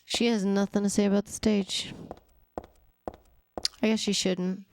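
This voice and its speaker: Young woman streamer, casual and rambling, unhurried delivery. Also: mid-range voice, level tone, darkish tone, slight background noise. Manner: rambling, chatty, with many fillers. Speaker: game streamer. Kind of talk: casual gameplay commentary.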